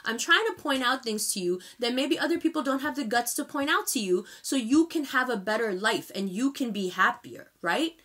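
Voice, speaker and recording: Addressing viewers straight on for a monthly reading, a tarot reader in her thirties speaks with fervent, emphatic directness. Her fairly high, expressive voice is fairly bright and moves at normal speed with hardly any pauses.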